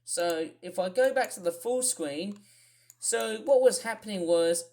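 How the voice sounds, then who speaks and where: An Australian woman rambles through casual weather commentary on her own channel, thinking aloud with lots of fillers and asides. Her voice is medium-pitched and unhurried, with a darkish tone.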